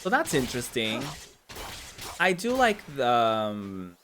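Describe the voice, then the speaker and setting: A man's voice: mid-range voice, wildly swooping pitch, slow, background noise. A man chatting casually while streaming a game, filled with "like" and laughs. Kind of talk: casual gameplay commentary.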